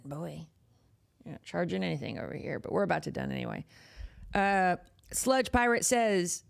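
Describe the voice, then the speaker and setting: Gravelly Texan woman hosting a horror podcast. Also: medium pitch. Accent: Texas. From Texas. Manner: chatty and playful, teasing the audience. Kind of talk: casual live podcast chat.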